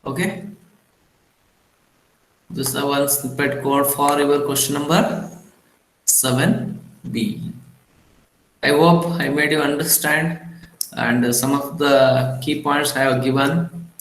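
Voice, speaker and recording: Slow, halting male lecturer in an echoey room. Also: medium pitch, steady tone, fairly bright tone, slight background noise. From India. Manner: halting, many fillers and restarts. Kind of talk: recorded revision lecture.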